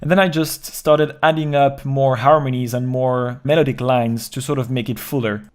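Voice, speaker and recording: Man calmly walking through his music production. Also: mid-range voice, normal speed. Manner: calm step-by-step walkthrough, counting beats aloud. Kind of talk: explaining a music production process.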